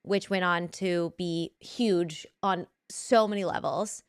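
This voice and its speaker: A woman's voice: fairly low pitch, slow, clear, resonant tone, no echo, clean studio sound. Enthusiastic woman hosting a podcast chat. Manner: enthusiastic, gushing, asks leading questions. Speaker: podcast host, actress. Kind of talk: casual interview chat.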